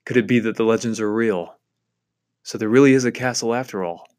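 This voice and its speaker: A man's voice: lowish voice, a little fast, a little mellow. A man giving a devotional Bible-study talk on a novel, earnest and enthusiastic, with frequent fillers and restarts.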